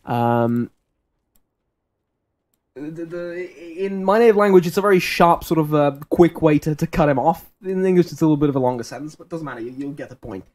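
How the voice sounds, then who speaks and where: A man's voice: a little high, a little fast, darkish tone. A man in his twenties streaming a game and telling a rambling anecdote in casual chat. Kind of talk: casual chat while gaming.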